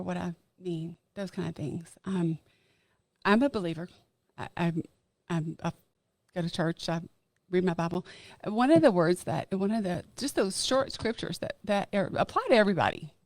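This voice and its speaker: A middle-aged woman talking as a podcast guest, earnest and emphatic, slowing down to stress her key points. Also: on the low side, vocal fry, a little mellow, dry recording. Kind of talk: casual chat.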